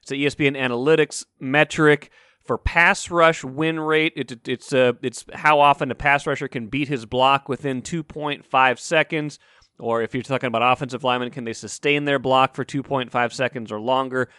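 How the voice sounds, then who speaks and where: A male sports talk host with a bright, crisp and clear voice. He questions his guest and then walks through the statistics in a plain, steady way. The recording is dry and close to the mic. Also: mid-range voice, normal speed, no echo. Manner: plain and steady, reading out stats.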